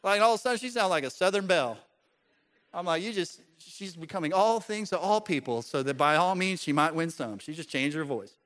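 A man preaching a sermon as pastor, animated and joking, putting on voices to make his points. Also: fairly high pitch, brisk. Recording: long hall reverb.

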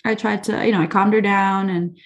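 A young woman speaks in a relaxed, chatty way, her sentences full of fillers as she tells stories from her classroom. Her voice carries a gravelly vocal fry at a middling pitch. She sounds like a teacher sitting down for a casual podcast interview. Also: brisk. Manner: chatty, many fillers like "like" and "you know".

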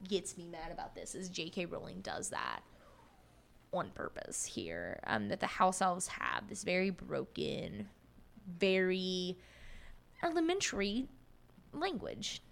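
A young woman in easy, unscripted conversation, working through ideas aloud with frequent "um"s and restarts. Her voice moves a lot in pitch, rising and dipping as she talks. She sounds like a podcast co-host chatting about a book. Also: slow, gravelly. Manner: animated, many fillers and restarts. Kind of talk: casual book discussion.

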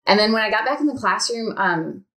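A woman's voice: mid-range voice, animated, brisk, bright, forceful tone. A woman guest on a podcast, an instructional designer, talking casually and chatting freely with many ums and likes. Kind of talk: casual interview chat. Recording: roomy echo.

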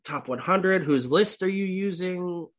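A man's voice: high-pitched, measured pace, a bit bright. Young male co-host, stuffed up, blunt and profane. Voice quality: swears freely, clears throat often. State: congested, coughing. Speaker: podcast co-host. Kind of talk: casual chat.

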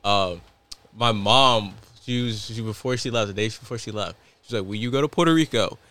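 Bright-voiced young man telling stories. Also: lowish voice, a little fast. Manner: animated storyteller who acts out other people's lines. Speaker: podcast co-host. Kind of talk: casual chat.

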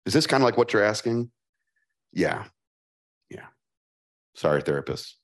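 At a live fireside chat, a man with a Chicago accent takes audience questions, playful and animated, acting out the voices of people he quotes. His voice is mid-range and his speed normal.

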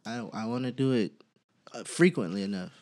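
A man in a casual group chat, joking crudely and getting animated. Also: medium pitch, a little fast.

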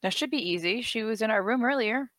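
A woman's voice: on the high side, fast, a bit bright, no echo, studio quality. A woman playing a tabletop role-playing game, giving brief, matter-of-fact answers in character. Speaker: player.

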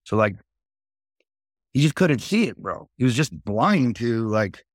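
A man's voice: mid-range voice, sing-song, measured pace, no room sound, clean studio sound. A man hosting a casual podcast conversation, blunt and profane, acting out quoted dialogue.

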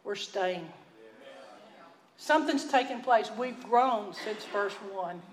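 A woman with a Texan accent, teaching a sermon in a folksy, earnest storytelling way that drops to a hush for emphasis. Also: medium pitch, animated, takes it slowly, pauses often, reverberant, low-quality recording. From Texas. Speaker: Bible teacher.

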